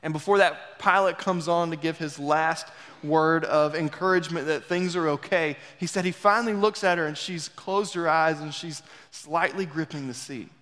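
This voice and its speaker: Man, preacher, fairly high voice, dramatic storytelling sermon, church hall reverb. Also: normal speed, hardly any pauses. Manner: dramatic storyteller, swings between loud rises and hushed drops. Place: church sanctuary.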